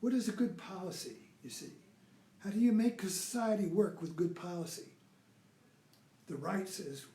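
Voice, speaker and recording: A man's voice: sits high, animated, moderate pace, pauses often, dark tone, roomy sound. A man giving a rambling, informal lecture who keeps repeating "you see.".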